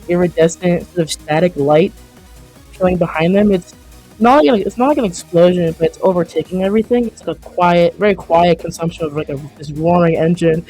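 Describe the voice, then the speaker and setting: A woman's voice: lowish voice, dark tone. A woman narrating a tabletop game as game master, describing scenes in a hesitant way full of fillers.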